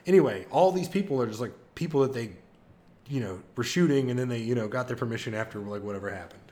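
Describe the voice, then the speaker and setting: A man co-hosting a casual podcast, eagerly retelling a comedy film with laughs and quick impressions. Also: medium pitch. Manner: excited storytelling with laughs and impressions. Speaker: podcast co-host. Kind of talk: casual chat.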